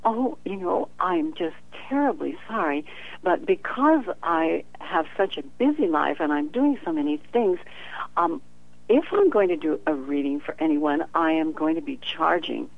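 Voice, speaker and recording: A woman's voice: low-pitched, moderate pace, vocal fry. A woman, a professional psychic, telling a story in an interview, acting out the dialogue and often laughing. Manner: animated storyteller, acts out quoted dialogue with frequent laughter. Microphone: telephone. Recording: tinny phone line.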